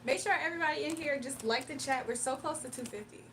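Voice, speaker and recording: A woman hosts a laid-back livestream doing readings, talking straight to viewers and reading their messages aloud. She's chatty, laughs often, and speaks quickly in a high voice. The audio is a bit distant from the mic, with faint room noise.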